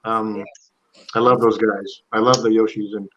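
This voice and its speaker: A man talking over a video call in a loose, rambling way, emotional and quick to laugh. His voice is bright and forceful, and the call audio comes through dull and lo-fi. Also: lowish voice, level tone, slight background noise. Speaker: interview guest, slot channel creator. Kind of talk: casual storytelling on a video call.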